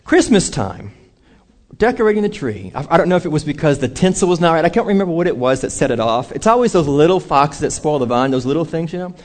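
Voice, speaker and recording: A man's voice: on the high side, very animated, fast talker, a little mellow. A man preaching a sermon, telling a personal story and acting out the voices of the people in it.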